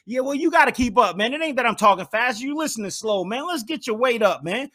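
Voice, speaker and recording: Male podcast host, high bright voice, casual and hyped, keeps saying "man". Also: fast talker, hardly any pauses. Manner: animated, hypes himself up, says "man" a lot. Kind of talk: solo podcast monologue.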